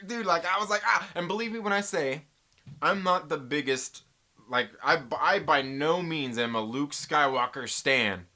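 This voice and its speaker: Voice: medium pitch, normal speed. A YouTube reviewer giving a casual, ranting review, joking and swearing, full of slang like "dude" and "bro". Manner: animated, profane, joking rants. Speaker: YouTube pop-culture reviewer.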